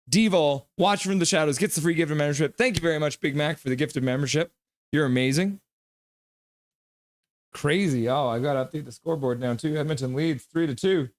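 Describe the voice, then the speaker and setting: A man hosting a live hockey reaction stream, calling plays and reading out chat messages with excitement. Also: fairly high pitch, dry recording. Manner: excitable, chatty, reads chat aloud.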